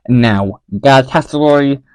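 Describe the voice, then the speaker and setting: A man's voice: medium pitch, unhurried, darkish tone, clear, resonant tone. A man giving casual, unscripted football predictions, rambling, correcting himself and repeating phrases as he goes. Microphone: mic for home recording.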